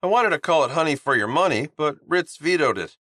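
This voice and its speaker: A man's voice: fairly high pitch, expressive, brisk, bright, forceful tone, dry recording, studio quality, pitched above the performer's own voice. A man voicing an upbeat, chatty young male hockey player in an audiobook. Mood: cheerful. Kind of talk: audiobook character voice.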